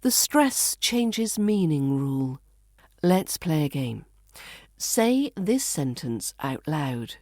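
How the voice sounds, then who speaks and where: Brief: British woman accent coach, low-ish voice with animated pitch, dry sound. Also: no echo. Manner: slow, deliberate, demonstrates stress and pronunciation. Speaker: accent coach and podcast host. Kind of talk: scripted podcast lesson.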